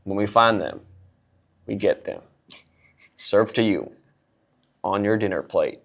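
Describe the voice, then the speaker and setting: A man putting on a slow, deadpan Southern drawl as a hunting sergeant. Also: lowish voice, gravelly, voice pushed down, heavily acted.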